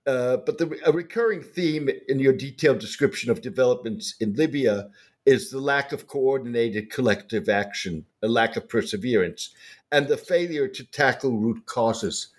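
A man interviewing an author, putting a question to him in a measured, formal way. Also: mid-range voice.

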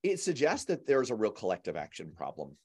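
A man hosting a casual political panel, animated and jokey, acting out mock phone calls. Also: on the low side, brisk, slightly rough. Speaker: host.

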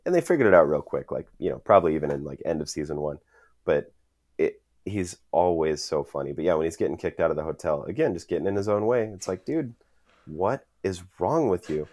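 A man's voice: low-pitched, darkish tone, dry recording, clean studio sound. A young man co-hosting a podcast, chatting casually and enthusiastically and acting out quotes. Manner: enthusiastic, acts out quotes, says "dude". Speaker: podcast co-host. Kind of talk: casual chat.

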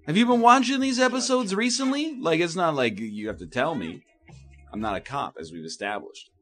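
A man's voice: fairly high pitch, animated, brisk, a bit bright, faint music behind. A man in his thirties delivering a wry, self-mocking comedic monologue full of tangents.

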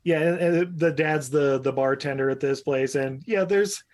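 A man with a slightly higher voice recaps a movie in a loose, casual podcast chat. He laughs often and keeps the talk rambling and informal. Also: moderate pace, darkish tone. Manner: laughs often, puts on rough voices when quoting.

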